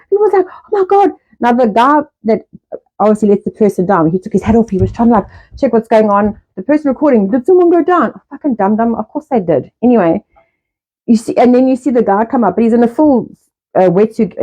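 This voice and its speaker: A middle-aged woman hosting a casual live stream, talking fast in a rambling way and swearing often. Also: on the high side, darkish tone, breathy edge. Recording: dull lo-fi live-stream audio.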